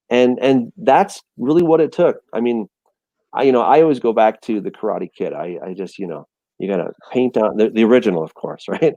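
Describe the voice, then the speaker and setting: A man in a casual Bible discussion, animated and storytelling, often repeating words as he restarts. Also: on the low side, a little fast, dry recording, dull audio. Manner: animated storytelling, acts out voices and quotes. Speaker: teacher of a Bible study show.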